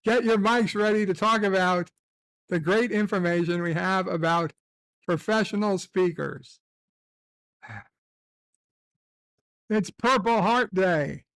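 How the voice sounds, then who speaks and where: A man's voice: sits high, slow pace, pauses often, fairly bright tone, clear, resonant tone, dry recording. A man hosting a casual livestream chat, reading off the day's holidays and chat messages with crude, sarcastic asides. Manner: crude, sarcastic, profane rants. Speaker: livestream host.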